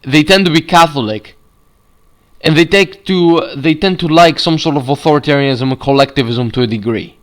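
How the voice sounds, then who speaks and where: A man with a somewhat high voice argues hotly in a video commentary. He swears freely and reads passages aloud, often stumbling and restarting his words. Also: moderate pace. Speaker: YouTube commentator. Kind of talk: heated political rant video.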